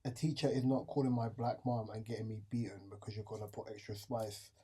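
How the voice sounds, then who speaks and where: A man's voice: on the low side, steady tone, a little fast, mellow, husky. A man hosting a podcast, chatting in slangy banter and wrapping up the episode. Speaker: podcast host. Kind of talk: casual chat and show sign-off.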